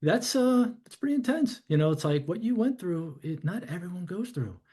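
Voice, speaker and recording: A very animated New York man in his fifties speaks at a moderate pace in a high-sitting, dark, breathy voice. As a podcast guest he tells his life story candidly, rambling and reflective, with frequent "you know" and "I'm like."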